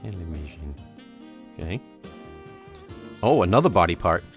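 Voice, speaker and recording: A man's voice: low-pitched, very animated, moderate pace, faint music behind. A man co-hosting a podcast, teasing and playful, laughing often as he runs a word game. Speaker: podcast co-host. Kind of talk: casual chat and mock-sultry reading.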